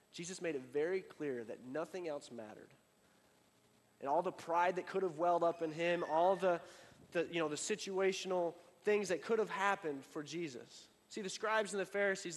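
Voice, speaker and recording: A man preaching a sermon in a casual, conversational way, full of fillers and restarts, building up and then dropping to a quiet emphasis. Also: a little high, big-room sound. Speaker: pastor.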